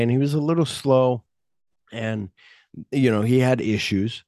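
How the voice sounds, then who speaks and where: A man's voice: medium pitch, moderate pace, dark tone, no echo, studio quality. A man hosting a podcast, casually retelling movie scenes and acting out the lines he quotes. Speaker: podcast host. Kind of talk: casual film discussion.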